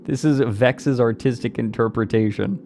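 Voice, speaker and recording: A man's voice: medium pitch, moderate pace, gravelly, darkish tone, slight background noise. A man streaming live, chatting casually and playfully with his viewers and answering their comments as he rambles along. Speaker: livestreamer.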